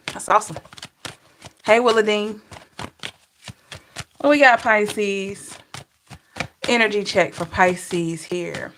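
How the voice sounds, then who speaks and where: A woman's voice: mid-range voice, fairly bright tone, a little hiss or hum. A middle-aged woman with a Southern drawl giving a chatty live-stream tarot reading, laughing and greeting her viewers. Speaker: tarot reader.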